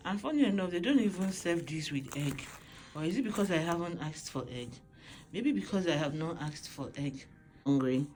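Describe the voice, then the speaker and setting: A woman's voice: sits low, normal speed, darkish tone, soft background music. A pregnant woman in a hospital room, tired while awaiting labor, chatting casually to camera and circling back to the same phrases. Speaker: vlogger.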